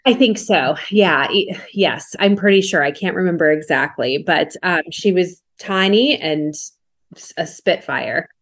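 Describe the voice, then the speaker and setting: A woman psychotherapist in casual conversation, chatty and quick to laugh. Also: lowish voice, fairly bright tone. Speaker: psychotherapist guest.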